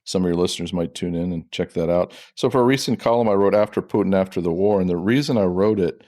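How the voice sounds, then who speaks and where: A middle-aged man with a lowish voice gives a podcast interview. He talks emphatically and repeats words when he gets fired up. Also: quick pace, dark tone. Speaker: ex-CIA officer, guest expert.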